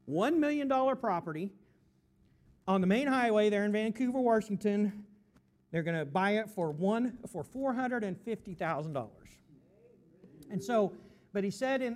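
A man preaching a sermon, telling a story in a folksy, excitable way with fillers and restarts and calls for amens. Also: high-pitched.

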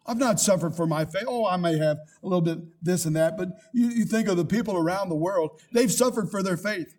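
A man's voice: sits high, fairly quick, darkish tone. An older man, a pastor, preaching a sermon with rising emphasis and quoted scripture.

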